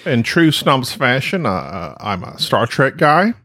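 A man co-hosting a casual podcast, jokey and animated as he talks with callers. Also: mid-range voice, measured pace. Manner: animated, jokey, puts on voices. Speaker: podcast co-host. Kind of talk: casual chat.

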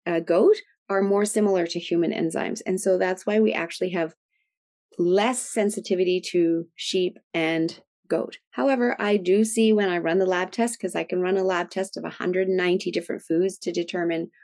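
A woman's voice: on the low side, fairly even intonation, normal speed, darkish tone. A middle-aged woman, a guest expert, chatting and explaining in an interview and often ending points with "right?". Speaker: guest expert on food sensitivities. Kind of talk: conversational interview.

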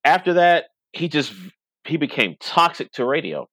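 A man's voice: on the high side, big pitch swings, moderate pace, fairly bright tone, dry recording. A middle-aged man chatting casually in a podcast conversation, rambling and laughing often. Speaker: web radio station owner, podcast guest.

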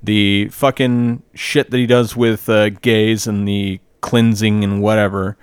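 A low-voiced man in a casual podcast chat, blunt and profane, padding his sentences with "like" and "I mean". The sound is dry and close, with no room around it. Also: little pitch movement, slow, smooth, no echo. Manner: blunt, profane, filler-heavy with "like". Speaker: podcast co-host.

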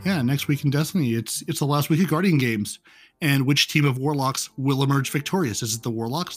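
A man's voice: medium pitch, brisk, over music. A man co-hosting a casual gaming podcast, joking and rambling, often repeating his words. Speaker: podcast co-host.

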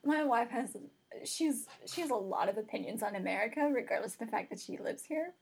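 Breathy, chatty woman. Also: fairly high pitch, expressive, fairly quick, a little mellow. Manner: chatty, laughs often, rambling tangents. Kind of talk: casual chat.

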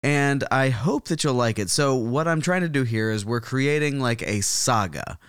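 A man's voice: medium pitch, animated, normal speed, fairly bright tone, clean tone, dry recording, studio quality. A man co-hosting a podcast, introducing the episode in a casual, rambling way, chuckling and thinking aloud. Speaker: podcast co-host.

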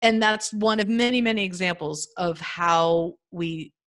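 A woman in her fifties talking earnestly in a casual podcast interview over a remote call, in short halting phrases. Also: fairly low pitch, a bit bright. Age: 50s. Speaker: guest. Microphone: remote audio call.

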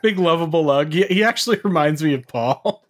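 A man's voice: on the high side, animated, fairly quick. A man co-hosting a casual movie review podcast, laid-back, agreeable and profane. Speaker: podcast co-host.

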